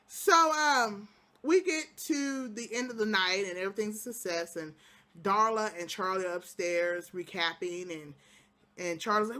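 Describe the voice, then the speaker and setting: A woman casually recapping a TV episode, telling the story with lively acted-out quotes and laughs. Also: medium pitch, moderate pace. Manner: breaks into laughter and exclamations. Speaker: TV show recap vlogger.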